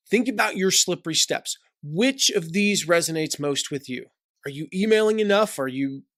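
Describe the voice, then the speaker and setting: A man coaching on online business in an energetic, joking way, often mimicking people. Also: on the high side, no echo, studio quality. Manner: energetic, jokey, mimics people with quick repetitions. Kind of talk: direct-to-camera tips video.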